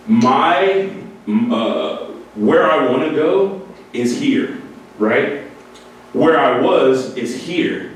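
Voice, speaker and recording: A man giving an earnest, candid motivational talk to music students, often breaking into laughter. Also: mid-range voice. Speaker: speaker addressing music students. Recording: echoey hall, voice from far off, faint noise.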